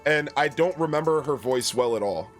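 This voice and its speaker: A man's voice: a little high, moderate pace, soft background music. A young man streaming a video game, chatting in a rambling, casual way and greeting viewers. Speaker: gaming streamer. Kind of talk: let's play commentary.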